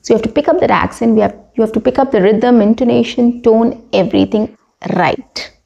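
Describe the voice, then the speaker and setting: A woman's voice: a little high, brisk, gravelly, dark tone, dull audio. A woman with an Indian English accent teaching a spoken English lesson, coaching learners and running through lists with frequent "right?" checks.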